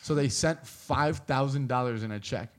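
A man's voice: mid-range voice, normal speed. A young man co-hosting a podcast in casual chat, ranting bluntly with heavy swearing. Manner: blunt, profane, heated ranting. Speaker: podcast co-host.

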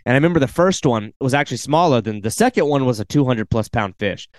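A man hosting a casual podcast chat, relaxed and plain-spoken, trading fishing stories. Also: medium pitch, fast, no echo, studio quality. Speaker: podcast host.

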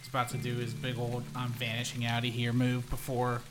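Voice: mid-range voice, completely flat delivery, a little fast, very noisy. A tabletop game player describing what their character does, in a playful, jokey manner.

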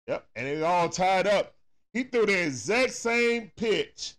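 A man with a Southern US accent gives casual play-by-play for a live watch-party stream. His pitch swings up and down with every pitch, and he coaches and groans at the players as though they can hear him. His speech is full of folksy Southern turns of phrase. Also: lively intonation, slow, a bit bright.

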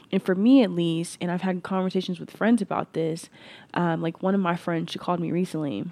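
A woman's voice: on the low side, fairly even intonation, brisk, mellow. A woman hosting her podcast, talking earnestly in a reflective personal monologue, with frequent restarts and "like" fillers. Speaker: podcast host.

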